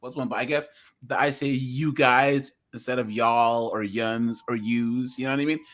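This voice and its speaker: A man's voice: medium pitch, steady tone, moderate pace, a bit bright. Californian guy hosting a podcast, kinda rambly, lots of ums and laughs. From US West Coast. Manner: rambling, chuckling, many fillers. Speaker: podcast host. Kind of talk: casual podcast chat.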